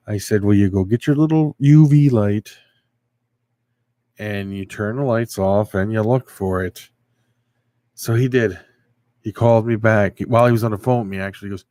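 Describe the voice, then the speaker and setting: A man's voice: on the low side, normal speed, darkish tone, dry recording. A man hosting a casual livestream, answering viewers and rambling through a story. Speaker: livestream host.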